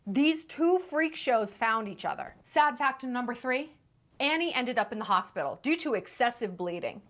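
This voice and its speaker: Sarcastic commentary woman, high voice, animated delivery, emphatic and incredulous. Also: normal speed. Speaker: commentary YouTuber.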